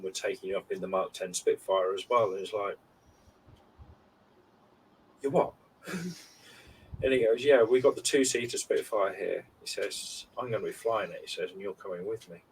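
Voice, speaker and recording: A man's voice: fairly low pitch, moderate pace. A man in his forties on a podcast, telling stories in a rambling, heartfelt way with many fillers. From United Kingdom. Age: 40s. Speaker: podcast co-host. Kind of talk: casual chat. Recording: slightly distant mic with faint background noise.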